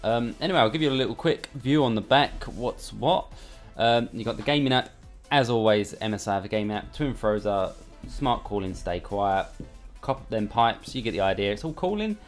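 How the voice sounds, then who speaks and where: A man's voice: on the low side, expressive, normal speed, few pauses, soft background music. A man chatting casually and irreverently while unboxing gear in a bedroom at home. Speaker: hardware reviewer. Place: bedroom at home under a studio light.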